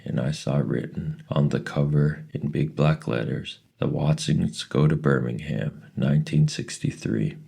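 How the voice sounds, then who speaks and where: A man reading a novel aloud in a steady, plain storytelling manner. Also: a bass voice, vocal fry, breathy edge.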